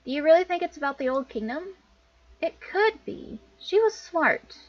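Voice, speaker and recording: A woman's voice: sits high, animated, moderate pace, no echo, voice pushed up. A woman reading an eager young daughter. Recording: dull lo-fi recording.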